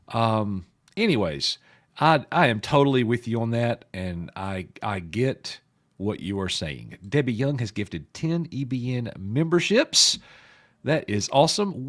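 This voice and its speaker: A man with a rough, hoarse voice hosts a casual live stream and greets his viewers one by one in a chummy way. His voice sits a little high for a man and moves up and down with lively swings. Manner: lively, chummy, reads chat names aloud.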